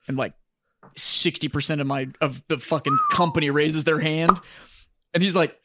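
A man hosting a casual podcast chat, telling army stories and swearing freely while mimicking his drill sergeants in a gruff voice. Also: on the high side, wildly swooping pitch, brisk, pushed and bright, slight background noise. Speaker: podcast host.

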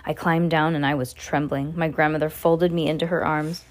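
Woman narrator, very low voice, expressive storytelling, audiobook reading. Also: normal speed, a little hiss or hum. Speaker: reader. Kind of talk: audiobook reading of a children's novel.

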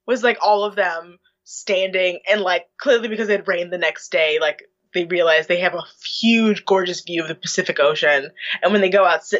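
Excitable, lively woman podcast co-host. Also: lowish voice, dull audio. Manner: excitable, laughs often, swears casually. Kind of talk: casual chat recapping a TV show.

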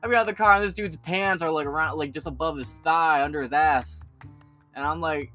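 Young male podcast host with a brassy, raised voice who tells profane, slangy stories over quiet guitar. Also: on the high side, quick pace. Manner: crude, joking storyteller with a lot of slang and swearing. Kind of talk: profane ranting commentary.

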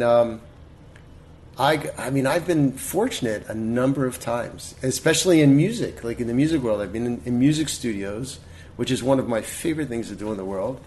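A middle-aged man talks as a guest in a relaxed interview. He tells stories animatedly and restarts his sentences often, at a pitch of ordinary height. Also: slight background noise. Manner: animated storyteller, many restarts. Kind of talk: casual interview storytelling.

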